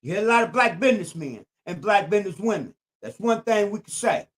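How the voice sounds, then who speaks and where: A man's voice: high voice, lively intonation, brisk. Older man preaching in AAVE. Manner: preachy, repetitive, emphatic. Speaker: YouTube channel host. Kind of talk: streetwise commentary monologue.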